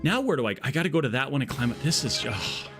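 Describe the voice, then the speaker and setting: A man's voice: medium pitch, very animated, fast, music in the background. Rambling jokey male game streamer. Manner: rambling, jokey, goes off on tangents. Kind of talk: casual live-stream chat while gaming.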